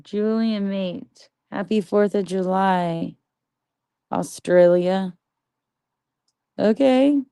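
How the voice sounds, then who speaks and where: A woman's voice: mid-range voice, extremely slow, vocal fry, pauses often, mellow, clear, resonant tone, no echo, clean studio sound. A woman livestreaming and chatting casually with viewers, talking bluntly with a lot of swearing and rambling asides. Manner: greets viewers and reads the chat.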